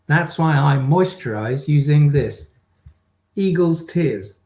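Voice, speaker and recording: A man voicing a moisturizer ad pitchman in an improvised scene, delivering a slow, deliberate sales pitch. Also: expressive, darkish tone. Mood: salesy. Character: smooth male moisturizer ad pitchman. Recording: echoey room.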